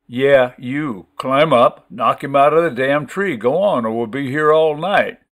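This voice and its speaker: Strong country farmer, gruff yet gentle and coaxing, read by a storybook narrator. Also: male voice, medium pitch, measured pace, natural voice. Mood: impatient. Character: strong patient adult farmer on a hunt.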